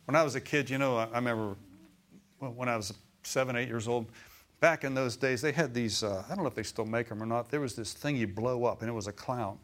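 A middle-aged man delivering a church sermon in a folksy, animated way. He chuckles as he talks and draws responses from the congregation. His voice sits at an ordinary middle pitch. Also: fast, a little hiss or hum. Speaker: preacher.

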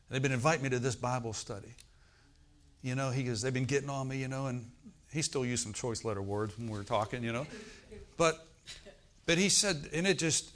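A man's voice: medium pitch, fairly bright tone. A middle-aged male preacher, telling a story and calling out to the congregation in a sermon. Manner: storytelling, asks the congregation for responses.

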